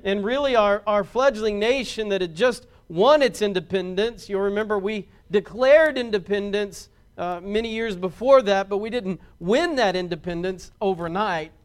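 A pastor preaching a sermon in an earnest, heartfelt manner with emphatic repeats. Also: male voice, high-pitched, normal speed, hardly any pauses, clear, resonant tone.

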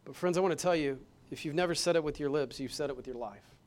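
A male pastor delivering a sermon, moving between hushed passages and loud, emphatic ones. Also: a little high, fast talker. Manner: dynamic preaching, swings from hushed to loud and emphatic. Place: church.

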